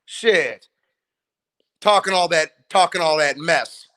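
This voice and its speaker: A man's voice: on the high side, takes it slowly, a bit bright. A man co-hosting a sports talk show, trash-talking boxers in profane, mocking banter and slipping into joke voices.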